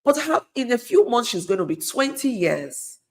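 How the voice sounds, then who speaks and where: A woman's voice: on the high side, big pitch swings, normal speed. A middle-aged woman, speaking as a guest in an earnest, conversational way and repeating phrases for emphasis. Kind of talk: conversational advice talk.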